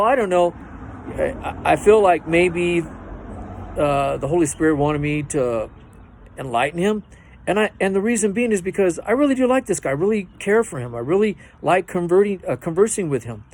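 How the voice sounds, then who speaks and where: Fervent high-voiced man preaching to viewers. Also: darkish tone, a little hiss or hum. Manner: fervent, earnest, speaks straight to viewers; repeats himself for emphasis. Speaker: host of a religious video channel. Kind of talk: casual faith vlog, preaching to camera.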